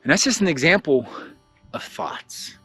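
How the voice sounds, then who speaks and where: A man telling a casual teaching story, acting out the characters' lines with lots of fillers and a slightly husky voice. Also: on the high side, measured pace, no echo, faint music behind. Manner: animated, acts out quoted lines, frequent fillers. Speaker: spiritual teacher.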